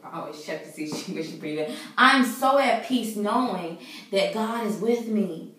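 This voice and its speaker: A woman's voice: medium pitch, expressive, moderate pace, a bit bright, distant mic. A woman vlogger giving an earnest, preachy faith talk to her viewers, casual and full of fillers. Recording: very echoey room, voice away from mic.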